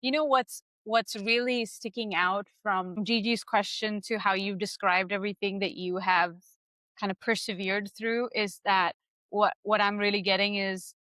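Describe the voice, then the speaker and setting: Woman, podcast host, bright forceful voice, dry close sound, earnest, effusive, restarts a lot. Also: mid-range voice, steady tone, moderate pace, no echo. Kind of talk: conversational podcast interview.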